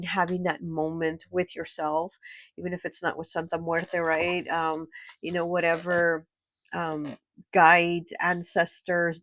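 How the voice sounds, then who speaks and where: A woman giving a pick-a-card tarot reading, sounding nasal and congested from a cold, with a gentle, reassuring manner full of fillers and check-ins. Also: on the low side, no echo. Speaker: tarot reader.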